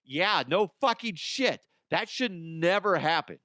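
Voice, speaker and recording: Casting note: male host, loose profane comedic rant, smooth voice, dry close sound. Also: high-pitched, expressive, slow, sharp tone, no room sound. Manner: profane, rambling, acts out imagined people. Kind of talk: casual comedic news rant.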